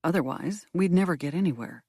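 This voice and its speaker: A wry, teasing male detective, voiced by a woman narrator. The delivery is low and warm, with lively turns of pitch, recorded close and dry. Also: fairly quick, slightly rough, dry recording. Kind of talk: audiobook character voice.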